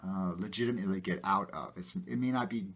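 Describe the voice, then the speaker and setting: Husky low-voiced man, rambling and animated. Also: fast talker. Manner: rambling, many "you know" fillers, animated. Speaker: video host. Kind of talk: casual personal talk to camera.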